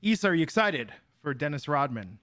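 A man's voice: a little high, sing-song, fairly quick, a bit bright, no room sound, studio quality. A man co-hosting a podcast in casual chat, with a playful, theatrical announcer-style delivery. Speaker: podcast co-host.

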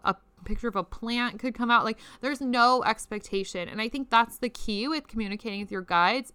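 A bright, crisp woman's voice, recorded dry and close. She talks as a podcast host in a chatty, frank coaching style, swearing freely and laughing often. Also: medium pitch, dry recording. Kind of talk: casual spiritual coaching talk.

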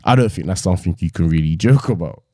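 A man's voice: sits low, quick pace, no room sound, studio quality. A young man, chatting casually as a podcast co-host and acting out quotes in his stories. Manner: animated storyteller, acts out quotes, laughs often. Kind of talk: casual chat.

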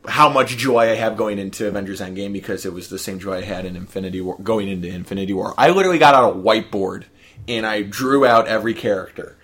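A man telling a story as a guest on a casual podcast chat, rambling and animated. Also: fairly low pitch, quick pace.

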